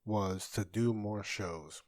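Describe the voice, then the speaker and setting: Rambling low-voiced man in his thirties. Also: slow. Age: 30s. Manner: rambling, self-interrupting, conversational. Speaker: comedian and podcast host. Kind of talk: solo podcast monologue.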